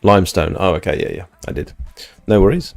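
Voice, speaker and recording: Low-voiced male streamer, casual and chatty, dry close mic, soft music behind. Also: fairly quick, gravelly, no echo. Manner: chatty, reading viewer comments aloud. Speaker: livestream host. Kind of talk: casual livestream chat.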